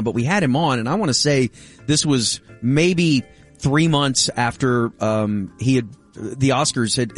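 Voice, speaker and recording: A middle-aged man chats on a radio show, telling a self-deprecating story with easy timing. His voice sits at an ordinary pitch. A faint music bed runs under him. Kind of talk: casual radio banter.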